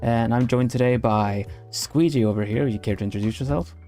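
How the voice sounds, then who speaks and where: A man's voice: medium pitch, fairly quick, mellow, soft background music. A man from Sweden, hosting a casual stream and chatting while drawing, with many fillers and restarts. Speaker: streamer host.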